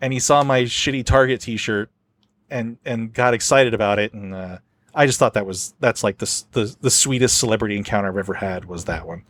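A man's voice: fairly low pitch, a little fast, a bit bright. A man hosting a casual podcast chat, rambling with many fillers as he tells stories. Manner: rambling, filler-heavy storytelling. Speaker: podcast host.

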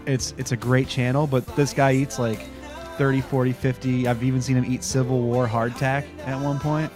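Animated man recapping a show, music underneath. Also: mid-range voice, moderate pace. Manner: joking, animated impressions of characters. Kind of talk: casual chat recapping a TV episode.

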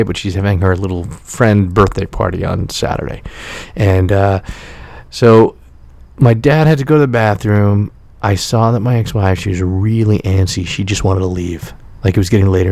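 A man's voice: lowish voice, gravelly, a little mellow. A man in his forties casually telling a personal story, candid and self-critical, acting out the exchanges he quotes.

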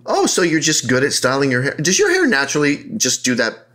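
A man's voice: on the high side, wildly swooping pitch, fairly quick, pushed and bright. A middle-aged man, co-hosting a podcast in chatty, blunt banter and swearing freely. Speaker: podcast co-host.

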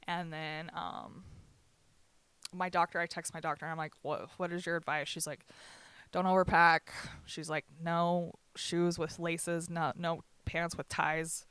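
A young woman talking candidly and haltingly on a casual podcast, with many fillers and restarts. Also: low-pitched, little pitch movement, a bit bright, clean tone, no room sound. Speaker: podcast host. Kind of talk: casual chat.

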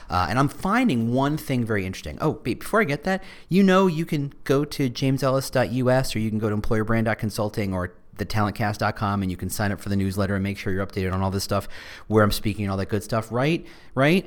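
A man hosting a podcast in a casual monologue, rambling and interrupting himself with asides. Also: on the low side. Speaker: podcast host.

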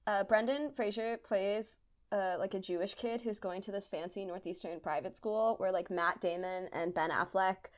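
A woman's voice: mid-range voice, normal speed. A woman co-hosting a podcast, talking films casually with lots of "like" and frequent laughter. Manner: animated, laughing, uses "like" often. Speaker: podcast co-host. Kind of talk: casual film chat.

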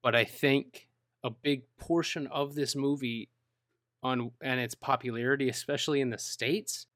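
A man's voice: medium pitch, steady tone, moderate pace, fairly bright tone, no room sound, clean studio sound. A man in a casual movie discussion, earnest and opinionated, talking in long stretches.

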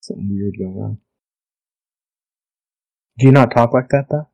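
Husky-voiced man hosting a chat. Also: medium pitch, normal speed, dark tone, no room sound, poor audio. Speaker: podcast host. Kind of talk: casual chat.

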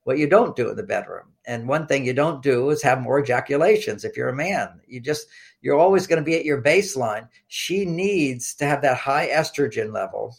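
A man speaking as an interview guest in an animated, storytelling way. He has a mid-range voice and teaches through personal anecdotes, slipping into remembered conversations and voicing them. He often stumbles and repeats his opening words before a sentence gets going. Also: medium pitch, moderate pace, creaky, breathy edge. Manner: animated storyteller who acts out quoted dialogue. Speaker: relationship author and podcast guest.

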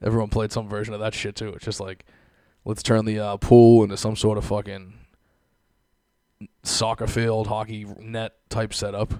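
A man's voice: lowish voice, monotone, normal speed, mellow, smooth, no room sound. A young man hosting a podcast, ranting in casual, profane chat and laughing often. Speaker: podcast host.

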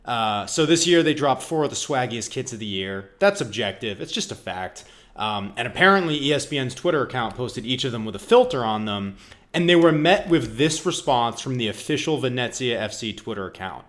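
A man's voice: mid-range voice, animated, fairly quick, fairly bright tone. Dry, sarcastic male podcast co-host. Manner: dry and sarcastic, mock-serious delivery. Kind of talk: casual football chat.

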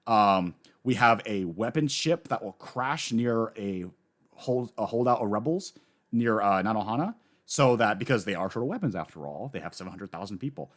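A man in casual chat, recapping a story with lively enthusiasm and acting out the characters he quotes. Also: on the low side, normal speed. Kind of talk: casual manga discussion.

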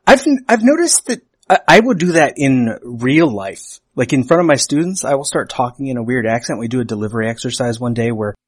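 A man in casual conversation, thoughtful and easygoing, with a slightly husky voice. He sits close to the mic in a dry, dead-sounding space. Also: medium pitch, expressive, brisk, few pauses, no echo. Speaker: podcaster and teacher. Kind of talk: casual chat.

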